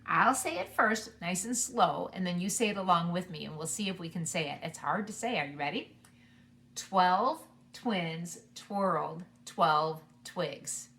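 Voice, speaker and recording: Woman doing preschool circle time, slow sing-song voice, cheering little kids on. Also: on the low side, expressive, sharp tone. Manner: slow, sing-song, encouraging to young children. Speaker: preschool teacher.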